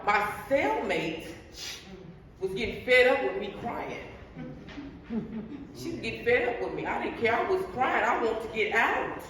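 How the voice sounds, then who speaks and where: A woman's voice: medium pitch, fairly bright tone. Middle-aged woman telling her life story, earnest and repetitive, heard from a distance in a reverberant hall. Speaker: guest sharing life story. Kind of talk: personal testimony. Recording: echoey hall, distant mic, faint noise.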